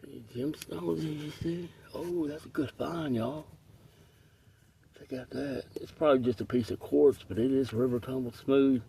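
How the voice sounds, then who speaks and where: Excited man digging in a riverbed. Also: mid-range voice, normal speed, few pauses. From Tennessee. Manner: excited, chatty, keeps addressing viewers as y'all. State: breathing hard from digging. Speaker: rockhounding vlogger. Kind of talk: casual first-person narration while digging. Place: muddy riverbed outdoors. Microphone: phone camera, point-of-view. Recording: distant phone mic with clear outdoor noise.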